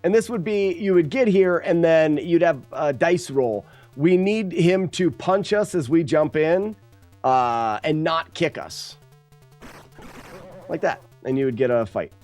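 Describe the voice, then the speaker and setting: A man's voice: a little high, expressive, measured pace, a little mellow, faint music behind. A man streaming a retro game, explaining it casually with many fillers. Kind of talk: casual gameplay commentary.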